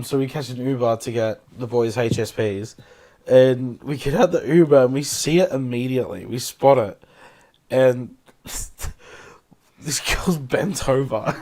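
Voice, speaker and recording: A man's voice: mid-range voice, normal speed, a little mellow. A man co-hosting a casual podcast, telling crude anecdotes and laughing as he goes. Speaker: podcast co-host. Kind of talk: casual chat.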